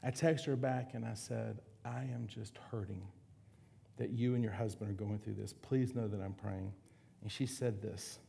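A middle-aged man preaching a sermon, earnest, slowing down and going soft to drive points home. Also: on the low side, fairly even intonation, vocal fry, a little hiss or hum. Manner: earnest, slows and softens for emphasis. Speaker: pastor.

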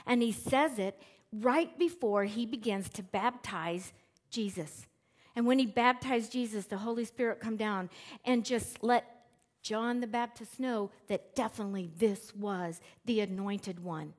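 A woman's voice: on the high side, unhurried. A middle-aged woman preaching a sermon in a church, talking casually to the congregation and acting out the quotes she reads. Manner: conversational and animated, acts out quotes with shifting emphasis. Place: church sanctuary with screens.

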